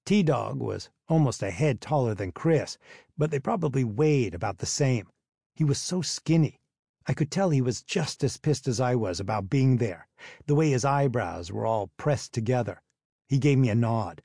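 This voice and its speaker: Mellow-voiced man narrating an audiobook. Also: mid-range voice, lively intonation, moderate pace, creaky, husky, dry recording, studio quality. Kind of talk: first-person audiobook narration.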